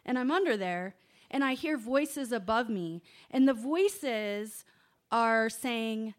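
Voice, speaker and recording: A woman telling a personal story to an audience, animated, swinging from hushed asides to loud exclamations. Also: a little high, takes it slowly. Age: adult parent.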